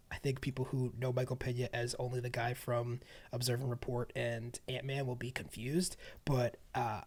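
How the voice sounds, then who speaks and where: A man co-hosting a movie podcast in casual chat, rambling and restarting his sentences, laughing easily. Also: medium pitch. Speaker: podcast co-host.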